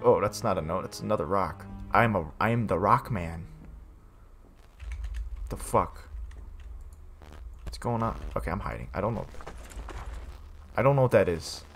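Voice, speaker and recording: A young man commenting on a horror game, muttering to himself and then yelling in sudden fright. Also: low-pitched, lively intonation, measured pace, vocal fry, pauses often, soft background music. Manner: jumpy, swings from muttering to yelling. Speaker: gaming streamer.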